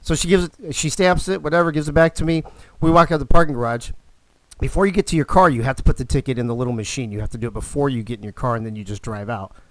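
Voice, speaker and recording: A man hosting a live stream, telling stories in a casual, animated way and swearing constantly. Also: mid-range voice, fast, no echo. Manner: profane, animated, fired-up storyteller. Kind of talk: casual storytelling.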